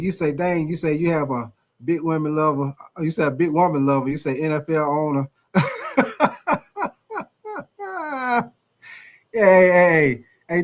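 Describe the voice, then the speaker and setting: A man hosting a live sports talk stream in a fairly high voice. He talks loosely and excitably, greeting chatters by name and ending his lines with "man" and "baby.". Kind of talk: casual live-stream chat.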